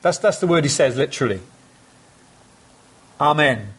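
Earnest husky-voiced male preacher. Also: a little high, animated, normal speed, fairly bright tone. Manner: earnest, conversational, with emphatic asides. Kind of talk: sermon.

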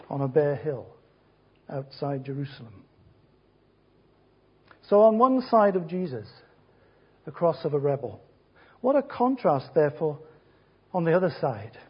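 High husky preacher man, lo-fi. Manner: emphatic, rhetorical, short phrases with pauses. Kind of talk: sermon. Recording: dull lo-fi sermon recording.

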